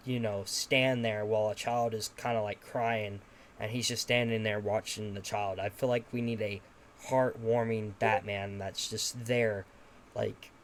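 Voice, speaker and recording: A man's voice: mid-range voice, fairly bright tone, slight background noise. A young man chatting casually as a podcast host. He rambles, leans on fillers, and drops in offhand swearing as he talks.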